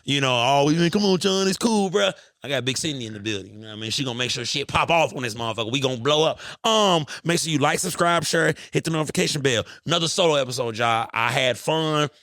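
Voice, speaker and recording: A man in his thirties hosting a podcast, telling stories in an animated, profane, bantering way. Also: mid-range voice, fast, few pauses, no echo, studio quality. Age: 30s. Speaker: podcast host. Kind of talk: casual podcast chat.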